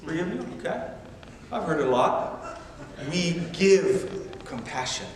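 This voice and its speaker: A man preaching a sermon as a missionary, animated and emphatic, with self-deprecating humor. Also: a little high, takes it slowly, far from the mic, a crowd in the background. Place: large church sanctuary. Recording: echoey church hall from afar.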